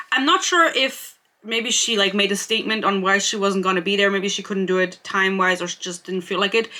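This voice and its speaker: Bright-voiced young woman ranting casually. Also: mid-range voice. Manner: chatty, swears freely, self-mocking asides. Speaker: podcast host. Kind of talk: casual chat.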